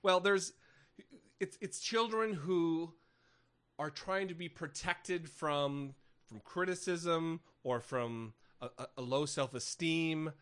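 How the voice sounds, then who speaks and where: A man's voice: on the high side, slow, fairly bright tone. A man co-hosting a comedy podcast, joking and rambling with frequent restarts in casual chat. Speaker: podcast co-host.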